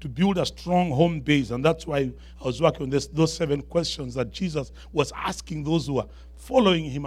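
A man with an African accent preaching a sermon in church, moving from chatty asides to rising, emphatic declarations and calls for the congregation to answer. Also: fairly high pitch. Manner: builds to raised, emphatic declarations with call-and-response; quick asides with humor to the congregation. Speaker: guest preacher.

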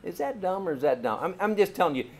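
Speaking fast in a high-pitched voice, a middle-aged Kentucky-accented pastor spins a story during a lively, folksy sermon and calls out to the people in the pews.

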